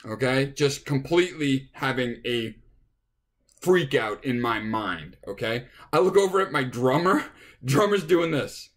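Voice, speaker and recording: This touring musician speaks in an animated, unhurried, fairly bright voice of medium pitch. His casual anecdote rambles, with restarts, and he voices the quotes of the people in it.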